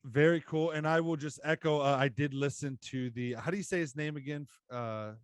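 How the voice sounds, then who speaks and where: A man hosting a podcast interview in casual chat, giving brief, measured responses with "uh" fillers. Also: on the high side, dry recording, clean studio sound. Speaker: podcast host.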